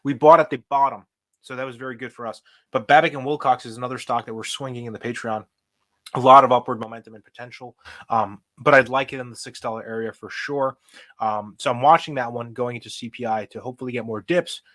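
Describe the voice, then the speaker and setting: A young man hosting a casual live stock show, chatting and thinking out loud as he reads charts. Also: mid-range voice, steady tone, fast, no echo. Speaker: host. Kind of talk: casual livestream stock commentary.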